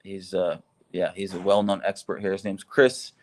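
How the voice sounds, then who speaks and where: A man's voice: low-pitched, little pitch movement, normal speed. A man co-hosting a casual conversation, upbeat and enthusiastic, laughing easily. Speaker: co-host, expat living in Laos.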